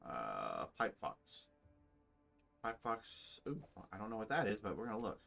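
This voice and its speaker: A man with a lower voice reads game dialogue and chats loosely as he plays. His pitch rises and falls freely, with faint music underneath. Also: wildly swooping pitch, measured pace, gravelly, bright, forceful tone. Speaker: gamer reading and playing a story game. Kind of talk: casual let's-play commentary and reading dialogue.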